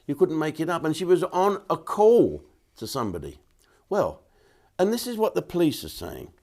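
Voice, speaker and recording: Older man, blunt ranting monologue, lively swooping pitch. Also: normal speed. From England. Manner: blunt, ranting, mimics others in quoted voices. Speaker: comedian host. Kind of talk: opinionated monologue to camera.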